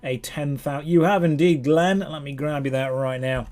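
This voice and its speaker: A man streaming a game, chatting playfully with quick asides. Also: a little high, fairly even intonation, a little mellow. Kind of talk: casual gameplay commentary.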